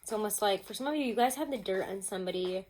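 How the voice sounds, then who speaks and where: A woman's voice: medium pitch, fast talker, slight background noise. Chatty, laughing woman reading tarot. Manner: chatty and expressive, laughs often, mock-exasperated asides. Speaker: tarot reader. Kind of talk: casual tarot reading to camera.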